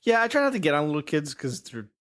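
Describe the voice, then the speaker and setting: A man's voice: a little high, very animated, fast talker, fairly bright tone. Chuckling young man podcast co-host. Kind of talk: casual podcast banter.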